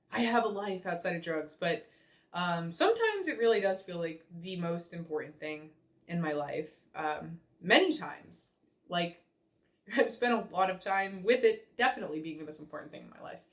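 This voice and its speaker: A young woman rambling chattily in a casual reaction vlog, full of fillers and self-mockery. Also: lowish voice. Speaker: vlogger.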